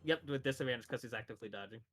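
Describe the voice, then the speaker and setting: A man running a tabletop game as game master, relaxed and quick to laugh. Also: mid-range voice.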